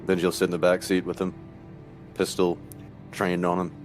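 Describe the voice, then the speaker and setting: A man playing a tabletop game, describing his character's actions in a relaxed way. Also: sits low, normal speed, over music. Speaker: player.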